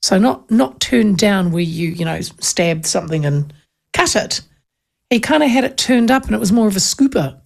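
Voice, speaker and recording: A woman's voice: mid-range voice, animated, moderate pace, vocal fry. A woman hosting a breakfast radio show, chatting and telling stories with frequent laughs. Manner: chatty, storytelling, laughs often. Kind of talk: casual on-air chat.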